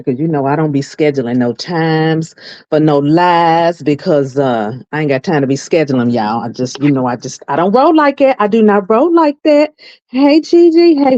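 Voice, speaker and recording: A woman hosting a casual gossip livestream, talking in a sassy, animated way and stretching words out for emphasis. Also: lowish voice, no room sound, muffled recording. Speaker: livestream commentary host.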